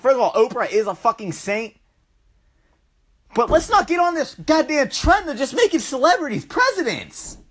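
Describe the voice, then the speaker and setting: A young man ranting in a profane comedic vlog, loud and riled up, swearing and tacking on "bro" at the end of his lines. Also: very high-pitched, very animated, moderate pace. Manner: riled up, climbing into yelling at peaks.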